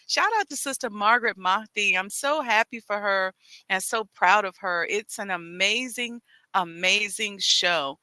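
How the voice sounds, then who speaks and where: A woman's voice: medium pitch, unhurried, sharp tone, dry recording. A woman hosting a live talk outdoors, chatting in a folksy way with a Chicago accent, speaking into a headset mic. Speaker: host. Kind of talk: live-streamed casual talk.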